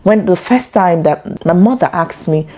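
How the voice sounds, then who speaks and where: Expressive woman, warm low voice. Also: a little slow. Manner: expressive, animated, jumps high in pitch when excited. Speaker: mother sharing her story. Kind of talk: reflective personal talk.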